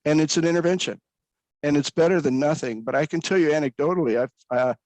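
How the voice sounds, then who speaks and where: A man's voice: a little high, fast talker, darkish tone, dry recording, rough recording. A man, a pastor in recovery, speaking earnestly about his own story, with frequent restarts. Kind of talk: candid personal storytelling.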